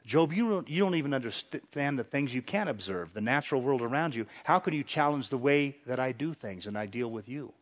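A man's voice: medium pitch, expressive, a little fast, few pauses. A man preaching a sermon, reading scripture dramatically and pressing rhetorical questions with chuckles. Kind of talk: sermon, Bible exposition.

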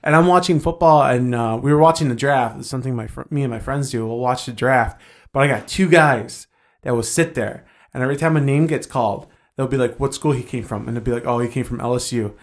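A man's voice: mid-range voice, fairly quick. A man in casual podcast chat, rambling through anecdotes and acting out his friends. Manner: rambling, animated storyteller.

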